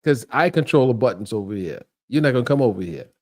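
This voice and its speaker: Animated, mocking livestream host man. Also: mid-range voice, quick pace. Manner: animated, mocking, laughs often, repeats himself. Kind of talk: casual livestream rant.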